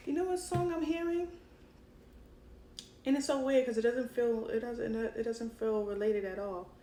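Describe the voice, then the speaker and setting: Brooklyn woman, casual tarot reader, a bit high-pitched, phone mic in an echoey room with noise behind. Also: fairly even intonation, moderate pace, mellow, recorded from a distance. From Brooklyn, New York. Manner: chatty, laughs often, fillers. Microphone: cell phone.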